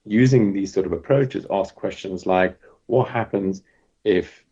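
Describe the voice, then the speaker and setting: Deep husky man explaining. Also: a little slow, warm tone, highs cut off. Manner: explanatory, technical. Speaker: biotech company CEO, guest. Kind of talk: podcast interview answer.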